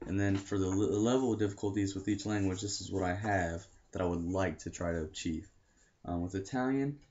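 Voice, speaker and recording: A man's voice: low-pitched, darkish tone, highs cut off. A young American man talking casually to camera about learning languages, rambling and often correcting himself. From United States. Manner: rambling, self-correcting, many fillers.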